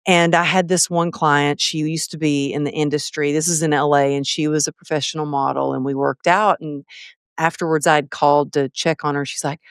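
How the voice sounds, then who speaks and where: A middle-aged woman hosts the interview in a chatty way, sharing her own stories. Her voice is smooth and clear, and the sound is dry and close, with no room echo. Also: deep voice, little pitch movement, normal speed. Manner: chatty, shares personal anecdotes. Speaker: podcast host. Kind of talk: conversational interview.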